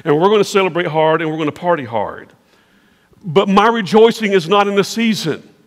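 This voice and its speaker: A pastor with a high voice preaches in an emphatic, repeating cadence, stacking phrases one after another. His voice rings through a large church sanctuary with a long reverb tail. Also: animated, brisk. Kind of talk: sermon.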